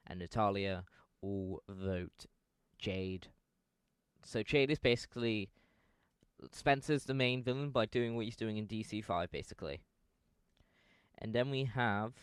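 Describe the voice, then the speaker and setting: Slow, smooth-voiced young man rambling. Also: on the low side, dry recording, clean studio sound. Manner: rambling, self-correcting, lots of fillers. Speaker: fan video commentator. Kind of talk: casual fan speculation commentary.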